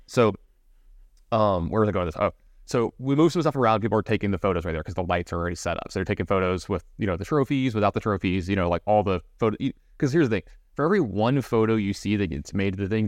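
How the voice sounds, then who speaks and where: Speaking in a deep voice, this male podcast co-host tells a story in an easygoing chat, racing along with lots of fillers and false starts. The sound is clean studio quality without any echo.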